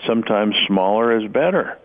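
Gravelly low-voiced man, radio co-host. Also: animated, normal speed. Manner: chatty, wry teasing. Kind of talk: casual radio talk. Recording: phone-like lo-fi radio audio.

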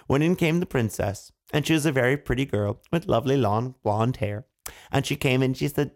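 A man's voice: mid-range voice, fairly quick, a little mellow. A male storyteller telling a fairy tale to families with playful asides to kids.

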